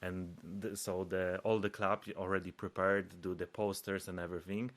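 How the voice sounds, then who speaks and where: Podcast co-host, male, low voice, non-native English, lively storyteller who plays out the voices in his anecdotes. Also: normal speed. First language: not English. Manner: animated, acts out quoted dialogue in raised voices; searches for English words. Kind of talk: casual storytelling chat.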